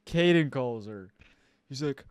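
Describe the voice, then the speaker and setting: A man's voice: mid-range voice, lively intonation, measured pace, clean tone, no echo, studio quality. A young man co-hosting a podcast, telling a rambling story in casual chat, swearing often and mimicking people as he goes. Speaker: podcast co-host.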